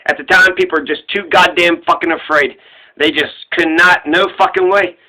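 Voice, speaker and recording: A man's voice: high-pitched, fairly even intonation, moderate pace, pushed and bright, poor audio. A young adult man from the United States giving a heated, sarcastic, profane monologue as a vlogger. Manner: heated, sarcastic, swears freely.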